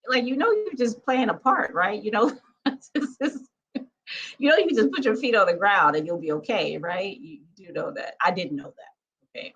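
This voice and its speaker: A woman's voice: medium pitch, a bit bright, rough recording. A woman talking in a casual vlog monologue. She is emphatic, speaks straight to her viewers, keeps asking "okay?", and laughs easily. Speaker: spiritual vlogger.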